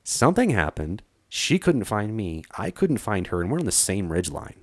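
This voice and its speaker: A man from Arizona, a treasure hunter guest, telling a story in a casual, animated way and acting out what people said. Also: lowish voice, moderate pace, dry recording, studio quality. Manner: animated, acts out quoted dialogue, frequent fillers.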